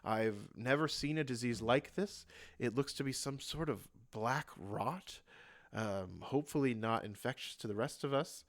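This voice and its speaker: A man's voice: medium pitch, normal speed, natural voice. A man voicing an overworked male elf doctor in a tabletop game, speaking in a precise, clinical and exasperated way. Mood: explaining.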